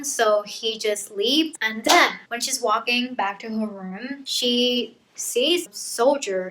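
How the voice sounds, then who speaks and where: A bright-voiced woman rattles through a casual book summary in a loose, playful, chatty way. Her pitch sits a touch high, and her tone is vivid and forward. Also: poor audio. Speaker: book vlogger.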